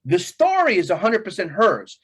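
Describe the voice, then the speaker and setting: A middle-aged man telling a story with plenty of energy, his pitch leaping around as he talks. He laughs often and jumps into a much higher voice when he quotes people. It comes across as loose, animated conversation as an interview guest. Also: moderate pace, husky.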